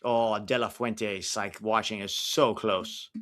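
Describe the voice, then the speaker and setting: A man's voice: on the low side, fairly even intonation, measured pace, bright, forceful tone. A man hosting a live watch-along stream, giving casual, opinionated commentary and reacting to the play as it happens. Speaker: livestream watch-along host.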